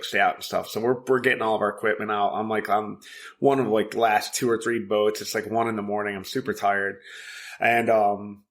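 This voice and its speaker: A man co-hosting a casual podcast, telling stories in a profane, rambling way with many fillers and bursts of laughter. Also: fairly low pitch. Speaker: podcast co-host.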